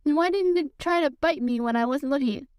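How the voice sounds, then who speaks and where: A woman's voice: high voice, brisk, a little mellow, dry recording, clean studio sound, close to an everyday voice. A woman voicing a bouncy, cheerful young male tiger in a storybook reading, sounding boastful.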